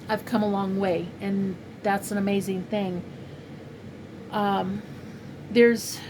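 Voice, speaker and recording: A woman in her fifties from California, chatting in a rambling, heartfelt way with lots of fillers in a casual personal vlog at home. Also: medium pitch. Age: 50s. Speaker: crochet channel vlogger. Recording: noisy home recording.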